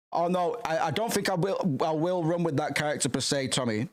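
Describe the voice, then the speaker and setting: A man hosting a livestream in casual chat, rambling and excitable with lots of swearing, from his home streaming setup. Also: on the high side. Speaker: livestream host.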